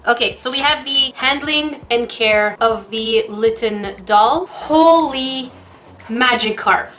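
A young woman with a fairly high voice gushes through an unboxing, chatty and excitable. She trips over her words and restarts her sentences as she talks to her viewers. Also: slow, slight background noise. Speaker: crafting YouTuber. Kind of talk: casual unboxing chat.

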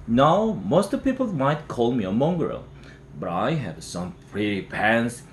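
A man, native Korean speaker and English teacher, reading a novel aloud in a steady storybook manner. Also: mid-range voice, measured pace. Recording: roomy room echo, faint hiss.

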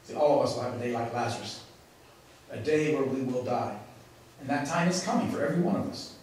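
A man's voice: medium pitch, lively intonation, darkish tone, slight background noise. Preaching man, echoey and distant. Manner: emphatic preaching with dramatic pauses. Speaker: pastor. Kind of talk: sermon. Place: church sanctuary. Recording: echoey, from far off in a large room.

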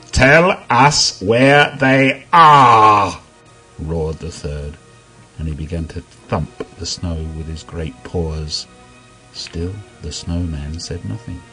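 A man gently reading a children's story aloud in an unhurried storybook manner. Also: deep voice, poor audio.

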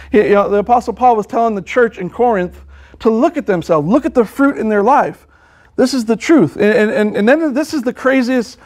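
Earnest male preacher with a high voice, sermon delivery full of restarts. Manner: earnest, repeats words and restarts often; quotes scripture at length.

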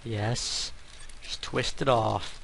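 A man's voice: mid-range voice, steady tone, drawn-out words, gravelly, fairly bright tone, slight background noise. A man commentating his own gameplay, often muttering to himself and exclaiming in frustration. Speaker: let's play gamer.

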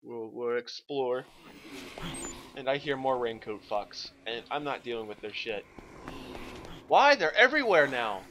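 A young man narrates his game in a loose, casual way, cursing freely and yelling at whatever gets in his way. His voice sits in the middle of the range. A clear hiss of background noise runs under the recording. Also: mid-range voice, measured pace. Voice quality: profane, excitable, shouts at enemies. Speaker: let's play gamer. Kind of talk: casual gameplay commentary.

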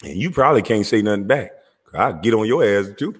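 Ranting loudly on his own show, a husky man with a Southern twang curses freely and breaks into laughter in casual, profane talk. His voice is on the low side, animated and quick-paced, with a long reverb ringing through it.

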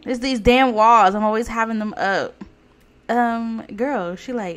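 A woman giving casual let's-play commentary on a life-sim game, animated, laughing often, swearing and talking straight to viewers. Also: fairly high pitch, measured pace. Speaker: Sims gameplay YouTuber.

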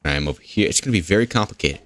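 A man's voice: low voice, lively intonation, racing, a bit bright. A man casually narrating his gameplay, joking, rambling and talking back to the characters in the game. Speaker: gaming host. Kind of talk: goofy gameplay commentary.

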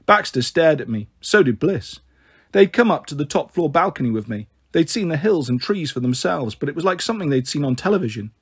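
A man reading a children's storybook aloud, expressive and voicing each character. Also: on the high side, a little fast, husky. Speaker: audiobook narrator.

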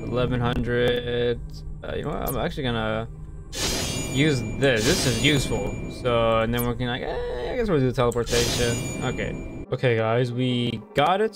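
A young male gamer narrating a horror game, easily spooked and talking straight to his viewers. His voice sits at an ordinary pitch. Loud game music plays behind him. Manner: jumpy, easily scared, talks to viewers. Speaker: gaming video host. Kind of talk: let's play commentary.

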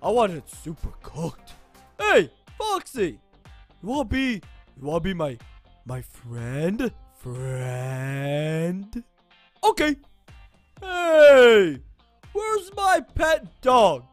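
A woman doing a dopey deep-voiced animatronic bear. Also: sing-song, faint music behind. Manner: stammering, slow and simple-minded. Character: dim childish male animatronic bear obsessed with chicken.

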